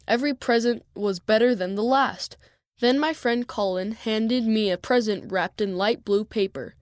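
A woman reading a children's story aloud in first person, with a clear, even storytelling manner. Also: mid-range voice, no room sound, clean studio sound. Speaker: storybook reader.

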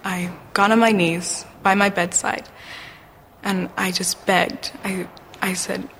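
A woman giving an earnest, emotional personal faith testimony, halting now and then with fillers. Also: medium pitch, fairly even intonation, fairly bright tone, in a large hall, a little hiss or hum. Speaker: testimony speaker.

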